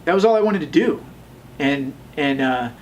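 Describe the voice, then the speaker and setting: A man's voice: on the high side, lively intonation, normal speed, distant mic, a little hiss or hum. A man in his thirties, a tattoo shop owner, tells his story in a casual interview, rambling and often restarting. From Las Vegas, USA.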